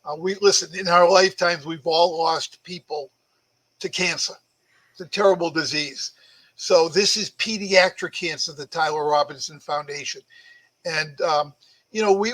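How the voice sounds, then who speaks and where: Boston-accented male guest, chatty and bright, slightly high voice. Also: poor audio. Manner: chatty, storytelling, self-promoting. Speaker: guest artist. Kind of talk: casual podcast chat.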